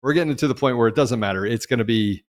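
A man hosting a political talk show, speaking in an impassioned monologue that swings from loud peaks to low asides. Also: fast talker, big-room sound. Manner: emphatic, rising to loud peaks and dropping low. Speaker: podcast host.

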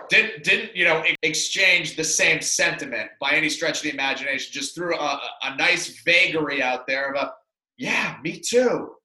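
Bright-voiced rambling young man. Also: fairly high pitch, reverberant, low-quality recording. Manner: rambling, self-deprecating, lots of fillers. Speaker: podcast co-host. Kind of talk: casual storytelling chat.

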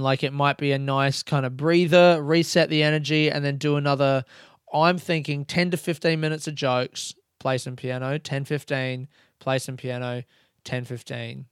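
A man's voice: mid-range voice, steady tone, moderate pace, clear, resonant tone, no room sound, clean studio sound. A young man, a comedian, telling rambling, laugh-filled stories on his podcast and swearing freely. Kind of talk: casual storytelling podcast.

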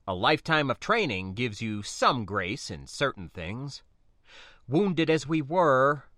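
A man reads a science-fiction story aloud in the first person, his pitch rising and falling freely as he narrates. His tone is bright and forceful, and the recording is dry and close, with no room sound. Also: no room sound.

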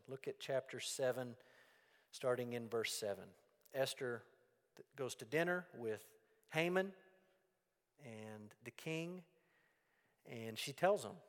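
A pastor giving a folksy, animated sermon. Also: male voice, mid-range voice, slow pace, long pauses. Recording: long reverb in a church hall.

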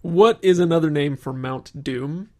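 A man's voice: on the high side, a little slow, warm tone. Upbeat, giggly man co-hosting a podcast. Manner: giggly, upbeat, quizzes his co-host. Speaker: podcast co-host. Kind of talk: casual chat.

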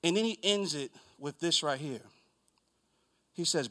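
A man's voice: on the high side, normal speed, sharp tone. A man pastor preaching a sermon as a rambling, conversational story, acting out dialogue.

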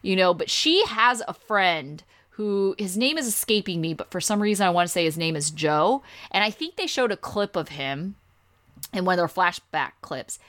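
A woman's voice: fairly low pitch, expressive, normal speed, fairly bright tone. A woman co-hosting a podcast, chatting casually and animatedly about a reality show, with lots of fillers. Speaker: podcast co-host.

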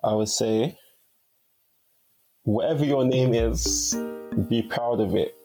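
A young man, a podcast guest telling stories in a relaxed, chatty way. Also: mid-range voice, slow pace, soft background music, rough recording. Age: young adult. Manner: chatty and relaxed, heavy use of "like". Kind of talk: casual storytelling chat.

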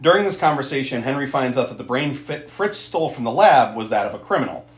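A man's voice: mid-range voice, animated, quick pace, roomy sound. A man recapping an old film in casual talk, laughing often, swearing, and acting out the characters. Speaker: podcast host.

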